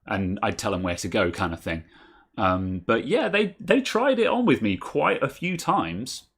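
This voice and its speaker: A man's voice: very animated, normal speed, a bit bright, slightly rough. A man from England co-hosting a casual chat, telling rambling anecdotes from his old computer shop. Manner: rambling anecdotes, shifts to high exaggerated voices when quoting. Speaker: co-host, former computer shop owner.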